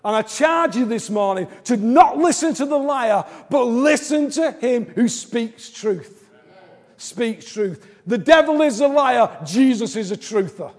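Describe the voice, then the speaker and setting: A man preaching a sermon who repeats his phrases and swings between loud, fast bursts and quiet, slow lines. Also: very high voice, animated. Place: church service in a large hall. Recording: long reverb of a large hall.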